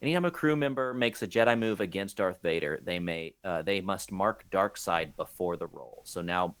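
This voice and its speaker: A young man running a tabletop game as game master, lively and laughing often with geeky enthusiasm. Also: low-pitched, moderate pace, dry recording.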